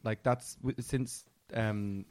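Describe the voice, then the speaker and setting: A man's voice: on the low side, fairly even intonation, slow, a little mellow, dry recording. A man co-hosting a film podcast in casual chat, who laughs easily and trails off while searching for names.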